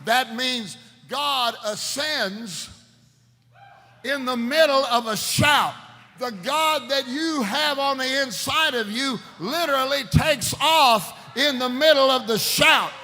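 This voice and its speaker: A man preaching a live sermon, fervent and often breaking into shouts as he speaks straight to the crowd, in a large worship hall. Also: very high voice, a little slow. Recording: long reverb in a big hall, faint ambience.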